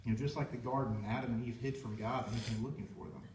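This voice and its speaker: A man's voice: medium pitch, fairly even intonation, quick pace, darkish tone, slight background noise. A young man, a worship leader, telling a heartfelt personal story in a rambling way with many restarts. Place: church sanctuary. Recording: echoey church room from far off.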